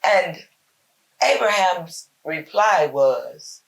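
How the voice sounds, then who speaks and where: Woman host, folksy devotional preacher; unhurried, deliberate, lower pitch. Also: lively intonation. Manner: slow, emphatic, folksy preaching with repetition. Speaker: host giving a short Bible talk. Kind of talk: informal spoken devotional.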